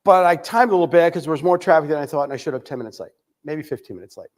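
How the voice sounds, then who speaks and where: An older man from the United States giving a candid recovery testimony, telling his story with frequent pauses and fillers. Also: a little high, lively intonation. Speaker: recovery speaker.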